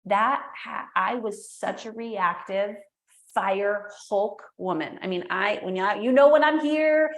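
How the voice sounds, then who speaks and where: A middle-aged woman, a guest entrepreneur and speaker, talking in an energetic, animated way and acting out the voices in her stories. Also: medium pitch, a little slow. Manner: energetic, animated storyteller who acts out quotes. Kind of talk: casual interview chat. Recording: echoey room.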